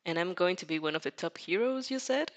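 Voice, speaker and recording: A woman's voice: on the low side, animated, brisk. A woman voicing a teasing, laid-back young male hero in an audio fanfic reading, with a lazy drawl. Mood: playful.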